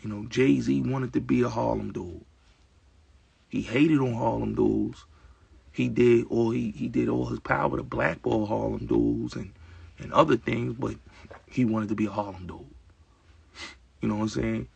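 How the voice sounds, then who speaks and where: A man's voice: medium pitch, fairly even intonation, unhurried, long pauses, a little mellow, dry recording. A man hosting his own show, talking in a casual, emphatic and streetwise way and repeating his points with lots of fillers. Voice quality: gravelly, raspy voice. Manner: emphatic, repetitive, streetwise talk. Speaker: show host. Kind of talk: casual opinionated monologue.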